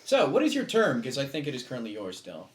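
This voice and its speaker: A man's voice: medium pitch, wildly swooping pitch, quick pace, a crowd in the background. A man playing a tabletop game, chatting and arguing the rules. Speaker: player. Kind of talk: casual tabletop game chat.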